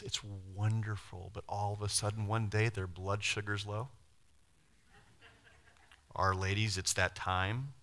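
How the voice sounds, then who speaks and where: A middle-aged pastor preaches with a bright, sharp voice. He talks to the congregation like a friend, jumping from hushed asides to loud, excited bursts. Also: lowish voice. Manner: animated, conversational preaching with sudden loud and quiet swings. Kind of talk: sermon.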